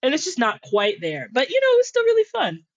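The podcast guest, a young woman from Connecticut, speaks quickly in a high-pitched voice, and the audio is dull with no room sound. She's animated and laughs a lot while casually telling a funny story from childhood, acting out quotes from her younger self.

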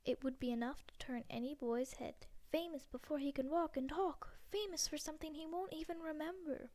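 A woman voicing a wise old male wizard headmaster, calm, measured and firm, in a storybook reading. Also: high-pitched, pitched above the performer's own voice, close to an everyday voice.

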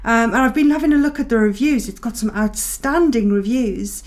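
A woman co-hosting a podcast in casual chat, brisk and upbeat as she steers the talk. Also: on the high side, a little mellow. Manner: brisk, upbeat, wraps up the show. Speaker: podcast co-host.

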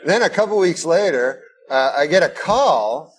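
A man with a fairly high voice spins a rambling deadpan anecdote, full of fillers and stray chuckles. The clip is hissy and noisy. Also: normal speed. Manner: rambling, fillers, laughs through his lines. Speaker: comedian telling a story.

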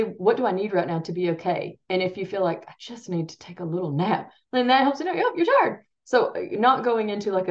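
A woman's voice: mid-range voice, a little mellow. Chatty woman parenting coach, dull lo-fi sound. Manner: rambling, self-interrupting, laughs at herself. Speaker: parenting coach and podcast guest. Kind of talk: casual conversational interview.

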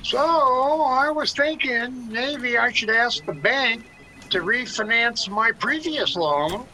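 A woman's voice: on the high side, expressive, slow pace, sharp tone, heavily acted, rough recording. A woman playing a rambling, lonely old man. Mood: chatty. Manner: rambling, friendly. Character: lonely, chatty older male caller.

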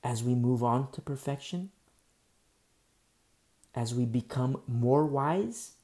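A man's voice: mid-range voice, slow, mellow. A man, the church's pastor, preaching a sermon, going through scripture verse by verse, repeating key phrases for emphasis and asking his listeners rhetorical questions.

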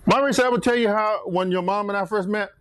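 A man's voice: high voice, a little fast, background noise. A middle-aged man leading a Bible study in church, joking and teasing his listeners and laughing often. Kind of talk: playful Bible study teaching.

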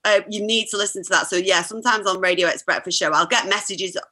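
A woman, chatting as a podcast guest, effusive and quick to laugh. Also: mid-range voice, pushed and bright. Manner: effusive, laughs often, talks in quick restarts. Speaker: podcast guest, sports presenter. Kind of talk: casual chat.

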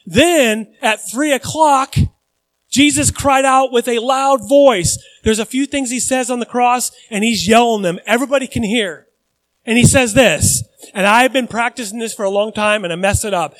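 A man preaching a sermon in a lively, conversational way, acting out quotes as he goes. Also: extremely high pitch, no echo, low-quality recording. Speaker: pastor.

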